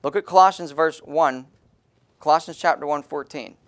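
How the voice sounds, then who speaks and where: Pastor, male, emphatic small-church preacher with a slightly high voice. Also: moderate pace, a bit bright. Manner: emphatic preaching, calls on congregants to read verses. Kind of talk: sermon.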